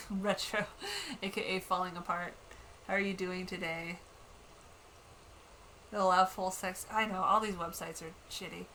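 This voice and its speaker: A woman streams a game from home in casual, candid chat, swearing freely and reading in-game text aloud. Her voice is bright and forward, at a middling pitch. Faint noise sits behind her. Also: fairly even intonation, measured pace, long pauses, rough recording.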